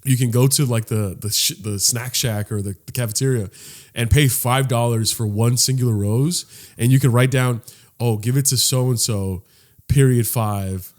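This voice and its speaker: A young man co-hosts a podcast with a medium-pitched voice at a normal speed. He tells a funny childhood story in casual talk, animatedly acting out the voices of the people in it.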